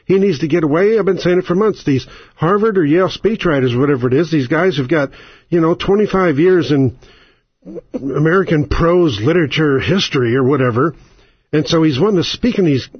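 A ranting, sarcastic man with a husky, slightly high voice, delivering political commentary in an indignant tone. The recording is dull and lo-fi, and the sound is dry and close. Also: dry recording. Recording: dull lo-fi audio.

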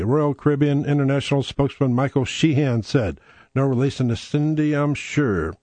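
A man's voice: mid-range voice, brisk, dark tone, dry recording. A man hosting a rambling comic monologue, profane and sardonic, digressing as he talks.

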